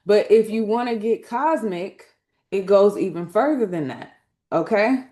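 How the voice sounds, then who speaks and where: A woman's voice: mid-range voice, lively intonation, measured pace, darkish tone. A woman teaching spiritual lore through tarot cards in a casual, emphatic way, speaking colloquially and often checking in with her listeners. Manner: colloquial, slangy phrasing.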